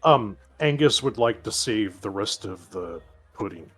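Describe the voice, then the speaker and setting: A man's voice: fairly low pitch, lively intonation, unhurried, a bit bright, breathy edge. A man playing a tabletop game, talking casually. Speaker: player.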